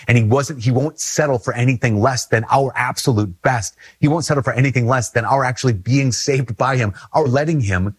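A man's voice: medium pitch, slightly rough, no echo. A man from Minnesota, a priest, giving a conversational homily with earnest emphasis and repeated phrases.

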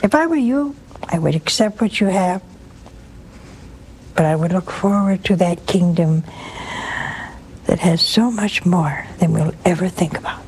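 A woman's voice: lowish voice, measured pace, long pauses, a little mellow, low-quality recording. An older woman hosts a religious call-in show in a motherly, reassuring way. She calls her callers honey and sweetheart while she counsels them. A faint hiss sits under her voice. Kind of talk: gentle spiritual counsel to callers.

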